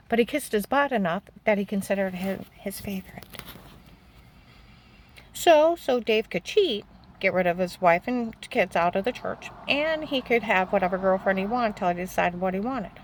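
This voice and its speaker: An older woman giving a rambling, emotional personal testimony about her own life. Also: medium pitch. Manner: rambling, emotional, halting storytelling.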